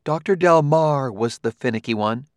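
A man's voice: medium pitch, expressive, normal speed, dry recording, pitched above the performer's own voice, lightly acted. A man reading an audiobook, voicing a plump, scornful woman who taunts and mocks in a raised voice. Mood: cool, firm.

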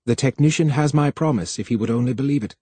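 A man reading aloud plays an older male senior official who is urgent and stern, clipped and low when he gives orders. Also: fast, warm tone, slightly rough, no room sound, lightly acted.

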